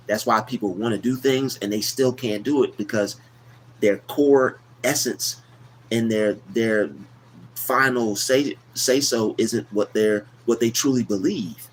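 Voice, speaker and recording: A man of middle pitch hosts a casual livestream, circling back over his words and leaning preachy as he talks. A faint background ambience sits under his voice. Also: slight background noise. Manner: loose, repetitive, preachy. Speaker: livestream host. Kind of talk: casual motivational livestream talk.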